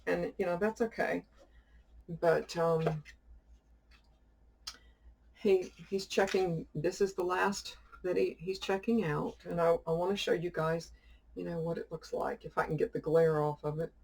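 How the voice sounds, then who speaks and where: A woman's voice: on the low side, fairly even intonation, unhurried, creaky, darkish tone, slight background noise. A woman chatting casually as she shows off a shopping haul and tells a rambling story, laughing often. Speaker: witchcraft YouTuber showing a shopping haul. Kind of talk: casual chat.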